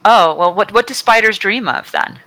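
A woman's voice: mid-range voice, normal speed, sharp tone, poor audio. A woman hosting a podcast, casually reading out chat questions and teasing her guest in a playful, swearing manner. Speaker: podcast host.

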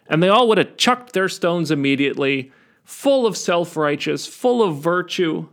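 A man's voice: expressive, normal speed, fairly bright tone. A man giving a sarcastic, mocking monologue as a vlogger, retelling fables with jokes and laughs. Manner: sarcastic and mocking, with sudden high jumps.

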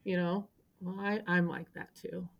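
A woman in her sixties, a longtime local government official, tells a story as a guest on an indoor podcast recording, acting out quotes and growing emotional as she goes. Her voice is fairly low in pitch and a little slow, and the recording sounds muffled.

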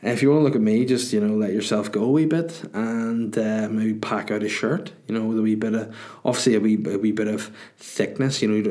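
A man's voice: lowish voice, a little mellow. A man hosting a podcast, answering listener questions in a rambling, crude, self-mocking way. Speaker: podcast host and comedian. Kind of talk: casual chat.

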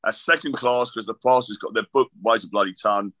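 A man's voice: on the low side, brisk, bright, forceful tone, no room sound. A middle-aged man, a guest author rambling through casual chat with self-deprecating jokes.

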